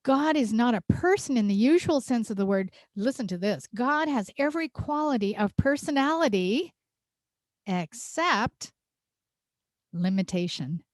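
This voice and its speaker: A woman's voice: fairly high pitch, lively intonation, a little slow, dry recording. A woman minister giving a heartfelt, emphatic sermon, laughing often as she speaks. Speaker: senior minister. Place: church sanctuary.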